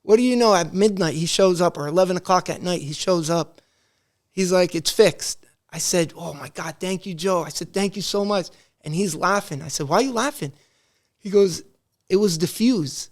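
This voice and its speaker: Podcast guest, male, high voice, animated storyteller who voices everyone in his anecdotes. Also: normal speed. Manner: animated, acts out quoted dialogue; rambling with many restarts. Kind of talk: casual storytelling.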